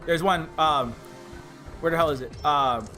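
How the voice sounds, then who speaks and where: A man with a fairly high voice rants on a livestream, heated and full of swearing. He circles back to the same points again and again, padding them with ums and uhs. Soft music plays faintly behind him. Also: unhurried. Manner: heated, profane, repeats himself, lots of fillers. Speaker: streamer and indie game developer. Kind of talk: livestream rant.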